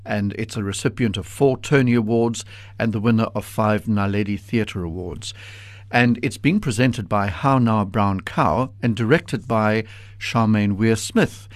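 Male radio interviewer, low-pitched, courteous and measured, close dry studio sound. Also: no echo. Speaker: radio host. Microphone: studio microphone.

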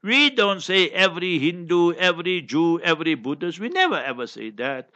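Male preacher, sharp forceful delivery, fiery Q&A sermon, muffled lo-fi sound. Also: a little high, animated, normal speed. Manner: impassioned, fiery, recites Arabic in chant. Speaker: Islamic scholar answering questions. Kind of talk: preaching Q&A talk. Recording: dull lo-fi recording.

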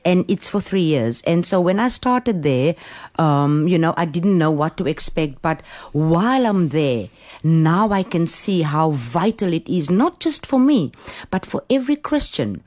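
A middle-aged woman with a somewhat low voice tells a personal faith story on a studio radio interview. She swings her pitch widely and acts out the dialogue she quotes. She speaks with exclamatory enthusiasm. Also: sing-song, measured pace, darkish tone. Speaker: interview guest.

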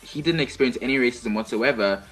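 A young man co-hosting a casual chat show, telling stories in an animated, chatty way. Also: medium pitch, fast, soft background music, rough recording. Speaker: co-host.

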